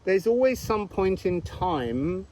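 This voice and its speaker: A man's voice: high voice, very animated, slow, a little mellow, slight background noise, low-quality recording. A man giving a casual, meandering astrology and card reading outdoors, thinking aloud as he goes.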